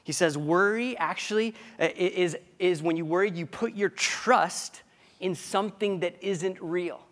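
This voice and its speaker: A male pastor delivers a sermon in a casual, conversational way. His voice sits a little high for a man, and he often restarts phrases mid-thought. He keeps checking in with his listeners with quick questions. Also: a bit bright. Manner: conversational preaching with frequent restarts and questions to the congregation.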